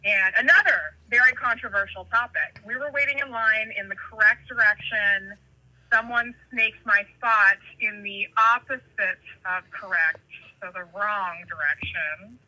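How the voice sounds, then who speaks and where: A woman from California telling animated, rambling stories in casual chat, full of tangents and fillers. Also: mid-range voice, highs cut off.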